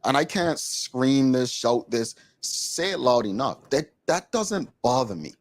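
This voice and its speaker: In sing-song, slightly slow speech, a Bermudian man hosting a talk show lets his pitch rise and fall widely as he argues. He presses his opinions emphatically, though the studio chat stays casual.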